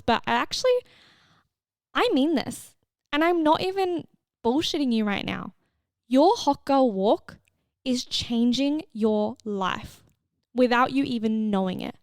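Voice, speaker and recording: A young woman hosts a solo podcast with a somewhat high voice, chatting candidly and swearing freely. She is recorded close on a mic in a dry, dead room with no echo. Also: brisk, clear, resonant tone. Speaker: podcast host and fitness coach. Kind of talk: casual solo podcast chat.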